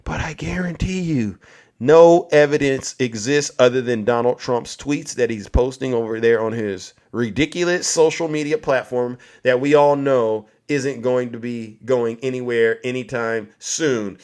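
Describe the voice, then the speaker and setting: A man's voice: medium pitch, fairly even intonation, a little slow, darkish tone. A male livestream talk show host giving a combative political monologue in a preachy tone, repeatedly asking "all right?".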